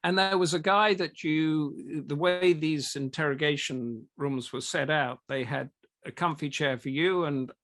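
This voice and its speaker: A man hosting an interview, asking questions in a halting way and stumbling over names. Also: fairly high pitch, fairly bright tone. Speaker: interview host.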